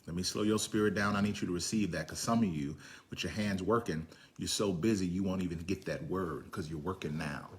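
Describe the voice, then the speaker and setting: A man preaching a sermon, swinging from hushed, whispered lines to loud, high-pitched storytelling. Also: brisk, few pauses. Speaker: pastor.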